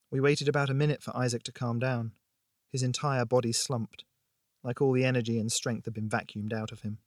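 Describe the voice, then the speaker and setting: A man reading a tense story aloud with steady, expressive delivery at a mid pitch. The recording is dry and close, with no room echo at all. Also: brisk. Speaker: narrator. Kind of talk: audiobook narration.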